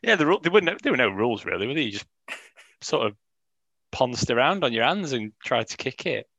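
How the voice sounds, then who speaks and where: A man, chatting in a relaxed, halting way as a football podcast co-host. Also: mid-range voice, dry recording, muffled recording. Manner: relaxed, hesitant, repeats words. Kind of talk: casual football podcast chat.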